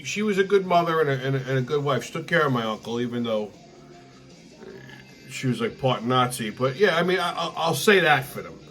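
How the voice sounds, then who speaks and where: Host, New man, bright sharp tone, profane rambling delivery, faint music underneath. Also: fairly high pitch. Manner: profane, rambling, with frequent restarts. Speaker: channel host. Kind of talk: casual vlog monologue.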